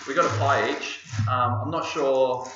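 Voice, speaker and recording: A young Australian fitness coach hosts a podcast, chatting in a loose, joking, meandering style. His mid-range voice moves at an unhurried pace with fairly even intonation. The recording is dull and lo-fi, with an echoey room and background noise.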